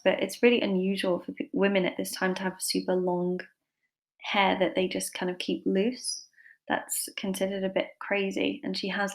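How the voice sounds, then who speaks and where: A woman with a medium-pitched voice teaches a casual online English literature lesson. She's chatty and informal, with lots of fillers and a bit of self-deprecating humour.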